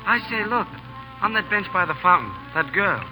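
An actor playing a naive, eager young officer who stammers when flustered, in 1940s radio acting style. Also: male voice, high voice, lively intonation, moderate pace, over music, rough recording. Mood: earnest.

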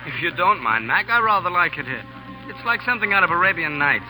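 An actor playing a naive, eager young officer who stammers when flustered, in 1940s radio acting style. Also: male voice, high-pitched, sing-song, fast, pushed and bright, soft background music, heavily acted, low-quality recording. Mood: earnest.

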